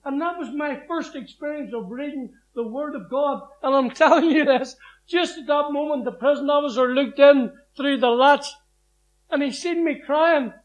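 Male preacher, high voice, emphatic testimony storyteller who acts out the scripture he quotes. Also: moderate pace, dull audio. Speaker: preacher giving his testimony. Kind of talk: personal testimony sermon.

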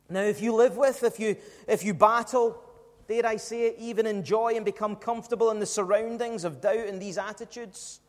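A man preaching with a strikingly high voice, leaning hard on his points and throwing rhetorical questions at the congregation. His words ring out with a long reverb from a church hall. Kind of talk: sermon.

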